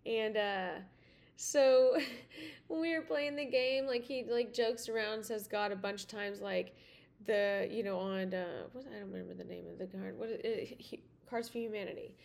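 A woman's voice: mid-range voice, moderate pace, creaky, a little mellow. A woman hosting a podcast, telling a story in a casual, rambling way full of "like" and "you know.". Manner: chatty, full of "like" and "you know", many restarts. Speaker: podcast host.

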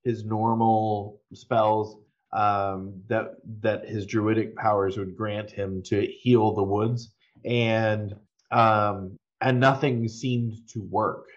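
A man narrating as game master, relaxed and unhurried, with many ums and restarts. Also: on the low side, lo-fi sound.

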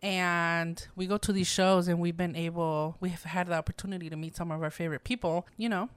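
A woman's voice: on the low side, steady tone, fairly quick, smooth, no echo. Blunt young woman on a podcast, dry recording. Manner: blunt and candid, swears casually, laughs along. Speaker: podcast co-host. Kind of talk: casual chat.

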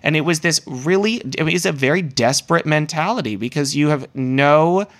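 A man telling his story as a podcast guest in a casual, animated way, swearing freely and sometimes acting out what people said. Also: on the high side, normal speed. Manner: animated, acts out quoted voices, swears freely.

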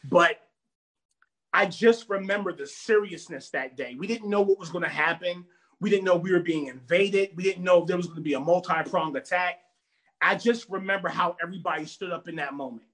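High-voiced, emphatic male storyteller. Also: brisk, fairly bright tone. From Virginia, United States. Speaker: podcast guest. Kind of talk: casual chat.

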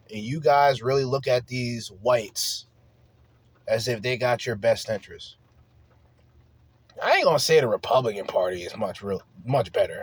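This podcast host has a medium-pitched voice with a breathy edge, recorded dry. Alone on the mic, he rants about his opinions with heat and emphasis, swearing and throwing out rhetorical question after rhetorical question.

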